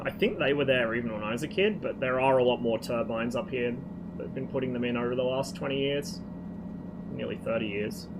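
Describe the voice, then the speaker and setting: A man from Australia chatting casually on a stream, telling rambling, profane stories. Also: mid-range voice. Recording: noisy background.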